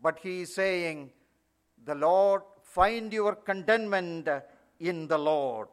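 A man's voice: high-pitched, takes it slowly. A male preacher giving an emphatic sermon, often adding "you know".

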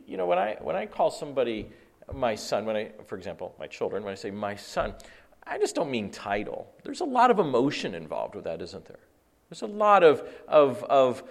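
Middle-aged male preacher, earnest and repetitive, slightly higher voice. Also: gravelly. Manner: earnest, repetitive stammering restarts. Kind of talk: sermon teaching.

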